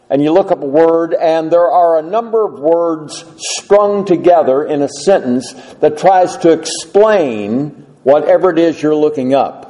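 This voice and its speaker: A man's voice: on the high side, expressive, unhurried, warm tone, low-quality recording. A man preaching a sermon and reading scripture aloud, with an occasional slight lisp and a plain, self-deprecating way of talking. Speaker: pastor.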